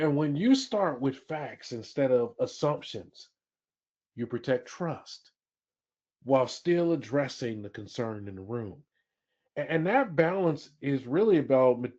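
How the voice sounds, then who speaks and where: A man's voice: medium pitch, darkish tone. A man presenting a workplace training webinar, emphatic, repeating key phrases and asking the audience questions. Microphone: webinar audio. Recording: dull lo-fi webinar audio.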